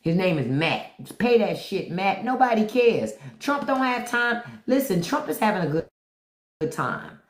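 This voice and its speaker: A blunt livestream host rants in profane, unfiltered commentary. The pitch swings widely as they talk, and the voice echoes in a roomy space. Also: very animated, normal speed. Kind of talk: unscripted live-stream commentary. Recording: roomy echo.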